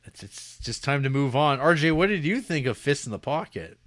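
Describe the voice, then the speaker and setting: A man's voice: medium pitch, animated, a little fast, a bit bright. A man co-hosting a podcast, reading out notes and joking with dry, wry humor. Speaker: podcast co-host. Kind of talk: casual chat with read-out notes.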